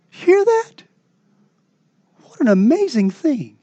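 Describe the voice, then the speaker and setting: A man preaching a sermon as pastor in a church, earnest and emphatic, moving between raised passages and hushed asides. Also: very high voice, very animated, takes it slowly, pauses often, no echo.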